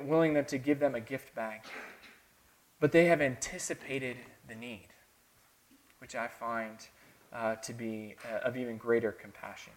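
Southern pastor type, mid-pitched man, earnest sermon delivery with soft lows and emphatic builds. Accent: Southern American. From American South. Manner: earnest, dramatic swings between soft and emphatic.

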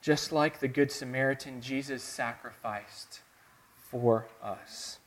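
A Southern American man preaching a sermon in an even, mid-pitched voice. He talks earnestly, dropping to near-quiet reflection and then building to emphatic, rising declarations. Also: slow. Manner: earnest, dramatic swings between soft and emphatic. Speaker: pastor.

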